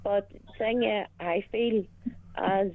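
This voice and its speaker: A woman from Northern Ireland with a Northern Irish accent, calling in and speaking in a hesitant, halting way. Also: mid-range voice, fairly even intonation, dry recording. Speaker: caller. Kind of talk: casual phone-in chat. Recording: tinny phone line.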